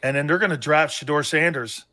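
A man in animated podcast chat, telling quick, excitable stories. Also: a little high. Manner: excitable, rapid anecdotes.

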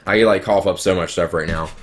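Southern dude talking low and rambly, kinda sick and coughy, livestreaming an unboxing from home on a webcam. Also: male voice. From American South. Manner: rambling, filler-heavy, excitable. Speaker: YouTuber. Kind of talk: live-streamed unboxing chat. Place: home room, girlfriend nearby.

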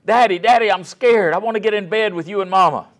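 A man voicing a small, frightened boy who pleads with his father in a high, whimpering voice. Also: fast talker, lightly acted.

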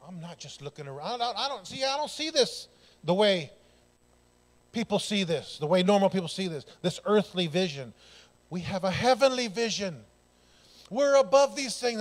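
A man preaching a church sermon, telling personal stories in an animated way and acting out the dialogue. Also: high voice. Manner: animated, loud bursts, laughing, acts out dialogue. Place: church sanctuary.

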